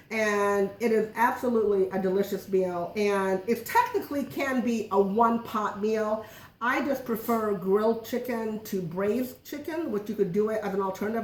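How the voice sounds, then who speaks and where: A woman's voice: mid-range voice, normal speed, distant mic, slight background noise. A middle-aged woman giving a chatty, joking cooking demonstration to a small audience in a home kitchen. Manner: joking, self-deprecating, chatty. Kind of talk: live cooking demo patter. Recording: echoey room, voice from afar.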